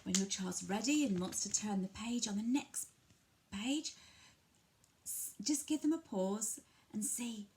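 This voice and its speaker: An English family centre early language worker gives parents instructional talk on sharing a picture book, demonstrating as she goes. She speaks gently and patiently at a medium pitch, a little slowly with frequent pauses, shifting to a bright sing-song voice when modelling words.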